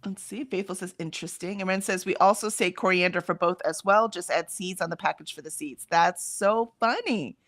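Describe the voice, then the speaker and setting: A woman's voice: fairly low pitch, a little fast, hardly any pauses, fairly bright tone, dry recording. An American woman with a general, accentless American voice, chatting casually on a livestream, reading out chat comments with frequent ums. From United States. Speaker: livestream co-host.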